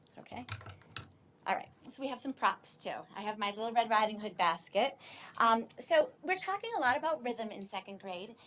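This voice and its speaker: Brief: high-pitched female music teacher, upbeat coaching tone, steady background noise in a meeting room. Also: moderate pace. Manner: upbeat, coaching children, counting in. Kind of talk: classroom demonstration.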